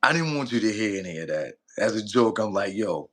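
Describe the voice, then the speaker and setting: Teasing New York man, lively low voice. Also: quick pace. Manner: teasing, slangy banter. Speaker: stream guest. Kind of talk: casual livestream chat.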